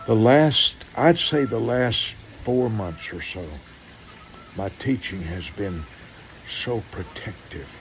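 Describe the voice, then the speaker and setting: An older pastor with a low voice tells stories in sermon style. He acts out the dialogue with animation and swings between loud bursts and hushed asides. A faint hum sits under the recording. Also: slow.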